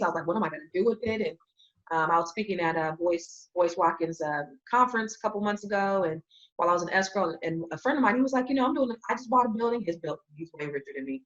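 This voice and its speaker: A woman guest on a podcast tells a story in a casual, animated style, acting out the voices of the people she quotes. Her voice is medium-pitched, and the recording sounds muffled.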